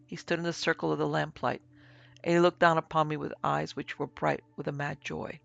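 Gravelly man narrating a dark tale. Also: fairly high pitch, level tone, brisk. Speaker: narrator and producer. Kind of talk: dramatic audiobook narration of a classic story. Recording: dry, dull lo-fi recording.

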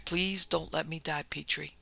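Guy reading as a weak scared young wife, murmuring, bright gravelly tone, audiobook. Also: fairly high pitch, fairly even intonation, unhurried, full character voice. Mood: frightened. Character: frail frightened young wife.

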